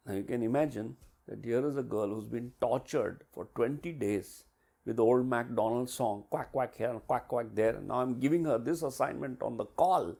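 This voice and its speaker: A man, a business mentor, telling a coaching story in a lively way, acting out quotes and sounds. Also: normal speed, gravelly. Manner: animated, acts out quotes and sounds with big swings in pitch and loudness.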